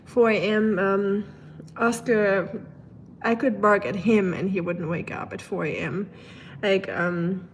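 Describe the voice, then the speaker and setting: A woman live streamer chatting casually with her viewers, rambling with lots of fillers and quick laughs. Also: mid-range voice, steady tone, a little hiss or hum. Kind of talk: casual chat reading viewer comments.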